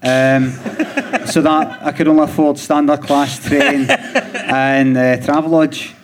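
A man's voice: fairly high pitch, steady tone, slow pace. A Glaswegian man guesting on a live podcast, telling stories in a rambling way with restarts and dry chuckles. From Scotland. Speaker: comedian guest. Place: theatre stage before a live audience. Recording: live theatre with audience noise.

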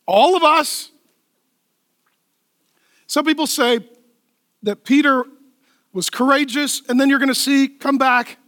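A male pastor preaching a lively, playful sermon in a church, acting out the people in the story. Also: extremely high pitch, slow pace, pauses often, no echo, clean studio sound. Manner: animated, playful, acts out voices and laughs at own jokes.

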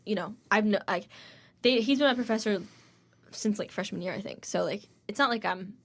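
This casual podcast chat features a woman in her twenties with a mid-range voice and a slightly fast pace. Her anecdotes wander, lean on "like," and include impressions of the people in them.

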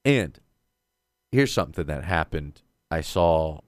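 A man's voice: very deep voice, takes it slowly, dry recording, clean studio sound. A man in casual chat, telling a story with lots of swearing. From Southern California. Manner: animated storytelling, swears a lot.

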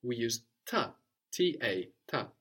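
A man with an ordinary mid-range voice leads a spoken language lesson. He prompts, corrects gently and echoes every answer back. His manner stays calm and encouraging. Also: medium pitch, takes it slowly, breathy edge. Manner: patient, repeats and praises answers. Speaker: language teacher.

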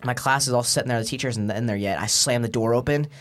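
A man's voice: mid-range voice, fairly even intonation, racing, a bit bright. A teenage man telling crude, slang-heavy stories as a podcast guest, acting out the voices of other people. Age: teens. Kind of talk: casual storytelling chat.

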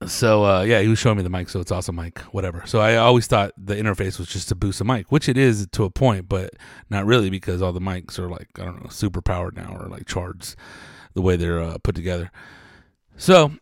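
A man in his forties hosts his podcast in a loose, rambling way, swearing easily as he drifts from one story to the next. His voice sits low and has a gravelly edge. The sound is dry and close, with no room echo. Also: steady tone, a little fast. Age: 40s. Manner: rambling, profane, laid-back storytelling. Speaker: podcast host. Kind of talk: casual podcast chat.

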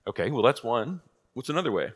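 A man's voice: mid-range voice, very animated, fast, slightly rough. A man teaching a church catechism class in a casual, conversational way, asking rhetorical questions and laughing at his own asides.

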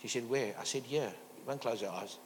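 A man's voice: mid-range voice, a little fast, gravelly. Man preaching in a reverberant church. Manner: storytelling preacher calling for amens. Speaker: guest preacher. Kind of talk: sermon. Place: church hall. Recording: long hall reverb, faint hum.

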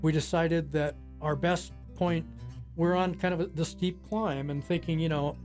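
A man in his sixties tells the story of his own backcountry ski emergency in an interview, unhurried and plain, pausing often. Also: on the high side, steady tone, a little mellow, faint music behind. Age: 60s. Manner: plain, unhurried storytelling with many pauses and "you know". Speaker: skier telling his rescue story. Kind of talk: recounting a personal story in an interview.

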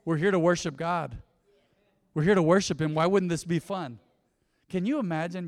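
A middle-aged man preaching a lively sermon, swinging between loud exhortation and soft asides. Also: fairly high pitch, normal speed, pauses often. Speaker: pastor. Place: church sanctuary. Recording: church hall reverb.

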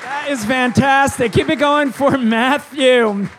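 A man emceeing a live storytelling night in a tavern, loudly introducing the next teller. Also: very high voice, slow pace, crowd noise, noisy background. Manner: loud, hyped-up announcing. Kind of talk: stage introductions. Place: tavern stage before a live audience.

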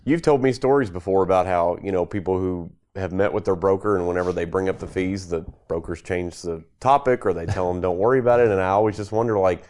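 A man's voice: sits low, fast talker, hardly any pauses, a little mellow. A man co-hosting a radio talk show, speaking casually and agreeably. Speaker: co-host.

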